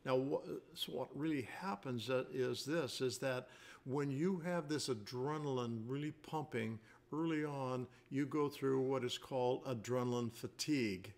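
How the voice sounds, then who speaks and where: A man's voice: medium pitch, measured pace, darkish tone. An older man, a basketball coach, chatting casually as a show co-host and telling long stories while he searches for words. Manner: rambling storyteller, searches for words. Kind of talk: casual podcast chat.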